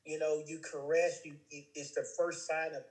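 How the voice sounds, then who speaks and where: A man on a casual morning talk show, speaking haltingly and repeating words as he searches for them. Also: a little high, flat delivery. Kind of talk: casual chat.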